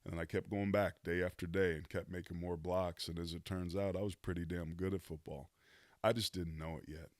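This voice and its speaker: A man in his fifties with a fairly low voice shares his story as a podcast guest. He is earnest and motivational and drops casual words like "dude" and "man." The sound is dry, with no room echo. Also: flat delivery, brisk. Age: 50s. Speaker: podcast guest, former pro football player. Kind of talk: reflective storytelling in conversation.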